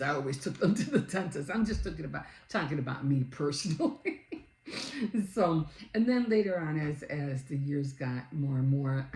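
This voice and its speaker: A woman's voice: sits low, slight background noise. A middle-aged woman vlogger telling a long story in a casual, rambling way, full of fillers and restarts. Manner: rambling, animated retelling with many fillers. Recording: roomy, echoey recording.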